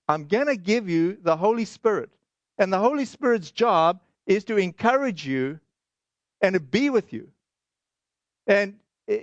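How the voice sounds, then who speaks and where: A man's voice: high voice, dry recording, highs cut off. A man preaching a sermon as pastor, earnest and conversational, often restarting and acting out little quoted asides.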